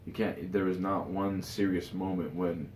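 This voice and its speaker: A man's voice: low-pitched, steady tone, normal speed, a little mellow, roomy sound, a little hiss or hum. A tired man giving his casual opinions in a rambling vlog, full of fillers and restarts. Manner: rambling, many "you know" fillers and restarts. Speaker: vlogger.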